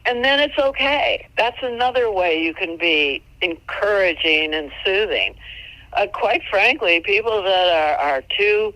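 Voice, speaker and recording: A woman mule trainer giving casual, folksy advice, chatty and quick to laugh, sometimes jumping into high, playful tones. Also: lively intonation, dry recording, dull audio. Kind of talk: casual instructional chat.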